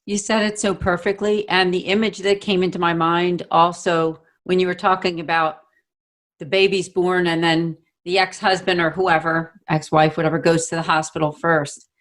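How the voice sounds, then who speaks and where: A woman hosting a podcast, thinking aloud in a reflective, agreeable way with soft fillers. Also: fairly low pitch, level tone, moderate pace. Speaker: podcast host. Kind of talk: conversational podcast talk.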